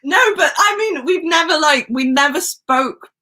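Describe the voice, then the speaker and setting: A woman's voice: sits high, expressive, measured pace, bright, forceful tone, rough recording. A young woman with a Welsh accent hosting a casual book livestream, giggling and chatting as she reads out viewer comments. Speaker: book channel host.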